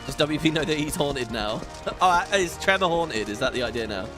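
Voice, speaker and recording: A man's voice: on the high side, expressive, normal speed. A man hosting a casual gaming video, chatting and rambling as he plays and sometimes laughs. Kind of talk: casual let's-play commentary. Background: game music.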